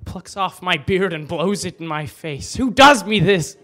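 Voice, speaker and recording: A man performing a brooding, self-reproaching young prince as a stage soliloquy at a bookstore open mic, swinging between hushed lines and loud outbursts. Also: sits high, lively intonation, measured pace, pitched above the performer's own voice. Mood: furious.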